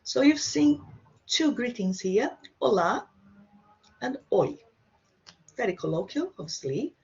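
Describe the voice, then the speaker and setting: A woman teaches to beginners over a video call, her coming through as she talks. She sounds a little gravelly and husky. She chats through each point and keeps checking in with her learners, and the audio is dull and lo-fi. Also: fairly high pitch, big pitch swings, slow, a little mellow. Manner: chatty, explains with frequent "okay?" checks. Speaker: Portuguese teacher. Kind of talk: online language lesson. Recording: dull lo-fi online class audio.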